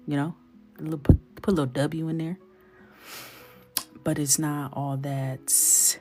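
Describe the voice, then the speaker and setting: A woman's voice: low voice, fairly even intonation, moderate pace, pauses often, dark tone, soft background music. A woman hosting a live coloring stream, chatting playfully with her viewers and often dropping into a whisper. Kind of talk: casual live-stream chat.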